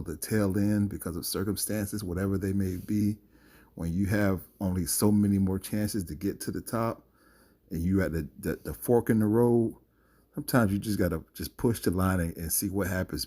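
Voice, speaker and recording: Low mellow-voiced man ranting about boxing. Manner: opinionated, emphatic, rambling with fillers. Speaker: boxing commentator. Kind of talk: opinion vlog commentary.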